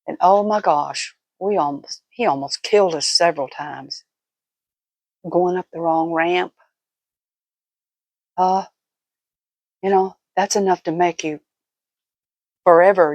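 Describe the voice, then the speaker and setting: A woman's voice: on the low side, darkish tone, no echo. An older woman, telling stories casually in a vlog, folksy and laughing often. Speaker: vlogger.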